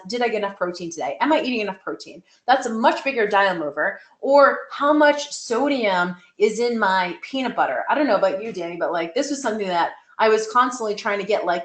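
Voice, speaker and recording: A woman nutrition coach giving a webinar talk in a conversational, emphatic way, often using "like" as a filler. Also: medium pitch. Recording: echoey room.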